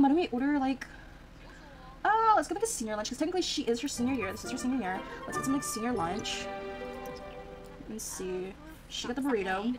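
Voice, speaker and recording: A woman's voice: a little high, low-quality recording. A young woman casually commenting on her life-sim gameplay, chatty and reacting aloud as she plays, with lots of fillers. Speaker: Sims gameplay streamer.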